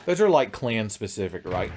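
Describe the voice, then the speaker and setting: Casual American male streamer, lowish voice, loose crude humor talking to chat. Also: sing-song, normal speed, a little mellow, slight background noise. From United States. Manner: crude, joking, talks to chat. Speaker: livestreamer. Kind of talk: casual gaming livestream chat.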